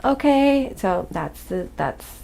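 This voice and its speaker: A woman from Oklahoma with a slight Southern accent, chatting softly on a live painting stream and reading viewer comments aloud. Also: high voice, sing-song, slow pace, vocal fry. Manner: reads viewer comments aloud, thanks donors. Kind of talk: soft-spoken ASMR live stream chat.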